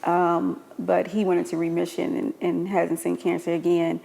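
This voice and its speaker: A woman, a guest, telling a personal story in a halting way, often restarting her words. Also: lowish voice, completely flat delivery, vocal fry, mellow, long reverb tail. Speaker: guest, caregiver.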